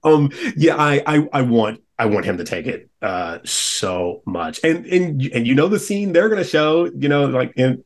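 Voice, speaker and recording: A man's voice: mid-range voice, lively intonation, unhurried, hardly any pauses. A man talking as a podcast guest in a casual roundtable chat, enthusiastic and laughing often as he talks.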